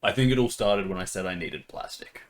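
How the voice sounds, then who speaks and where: A man's voice: sits low, brisk. A man co-hosting a casual podcast, retelling a game session with laughter, swearing and acted-out outbursts. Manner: animated storytelling, acts out his own outbursts with swearing and laughter. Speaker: podcast co-host. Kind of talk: casual chat.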